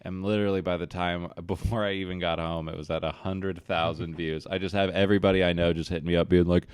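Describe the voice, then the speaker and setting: A man's voice: sits low, flat delivery, fast, a little mellow, smooth, no room sound. A young man co-hosting a comedy podcast, telling a profane, self-mocking story. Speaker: podcast co-host.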